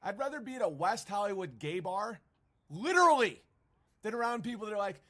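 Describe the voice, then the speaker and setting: A man's voice: high-pitched, very animated, a little fast, sharp tone. A man streaming a profane, mocking rant, breaking into sarcastic impressions. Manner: mocking, profane, jumps into sarcastic put-on voices. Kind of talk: profane ranting monologue.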